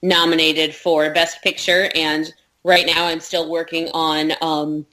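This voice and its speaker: A woman's voice: low-pitched, level tone, unhurried, bright, forceful tone. A woman co-hosting a podcast in casual chat, joking and telling stories with plenty of fillers. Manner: chatty and joking, storytelling with fillers. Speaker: podcast co-host.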